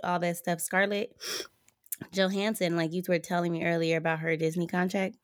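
A woman's voice: lowish voice, flat delivery, moderate pace. A young woman co-hosting a casual chat, teasing and playful, backing up her friend with easy banter. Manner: teasing, playful, supportive listener.

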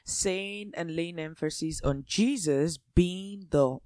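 A woman's voice: lowish voice, slow, a little mellow, dry recording, studio quality. A woman co-hosting a Bible study talk, who affirms her partner and asks follow-up questions. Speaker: co-host.

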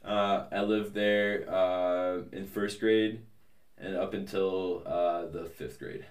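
A man's voice: low voice, fairly even intonation, takes it slowly, reverberant, recorded from a distance. A young man as a podcast guest, chatting casually in a rambling, hesitant way with many fillers and restarts. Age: young adult. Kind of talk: casual interview chat.

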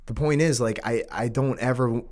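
A man who runs a jiu-jitsu school, hosting a casual podcast chat in an animated, loose way. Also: medium pitch, fairly quick. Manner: animated, frequent 'dude' and 'like'.

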